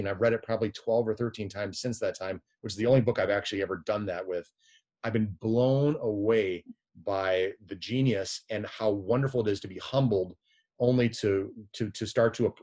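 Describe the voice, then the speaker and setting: A man's voice: lowish voice, a little fast, a little mellow. A middle-aged man telling a story in a casual interview, rambling and often restarting his sentences. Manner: rambling, frequent restarts and repeated words. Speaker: guest, physician and editor.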